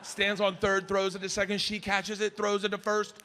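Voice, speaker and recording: A man's voice: high voice, little pitch movement, fairly quick, hardly any pauses, sharp tone. A middle-aged man doing stand-up, telling a profane, exasperated story. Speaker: stand-up comedian. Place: comedy stage before a live audience. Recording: live set with audience noise.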